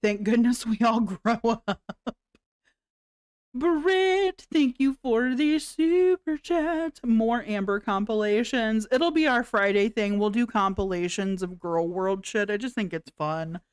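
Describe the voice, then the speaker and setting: Sarcastic woman reaction host, unhurried, dry close mic. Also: a little high, smooth, dry recording. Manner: sarcastic, laughs often, swears freely. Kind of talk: live reaction commentary.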